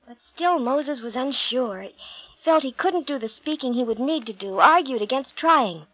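Calm woman reading a Bible story. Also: on the high side, unhurried, no echo, rough recording.

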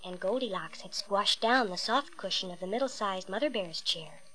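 A woman reading a fairy tale aloud with expressive, emphatic storytelling. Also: medium pitch, normal speed, poor audio.

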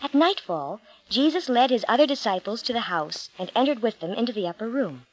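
A woman reads a storybook Bible tale aloud in a steady, clear manner. Her voice sits somewhat high for a woman. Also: brisk, low-quality recording. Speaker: narrator.

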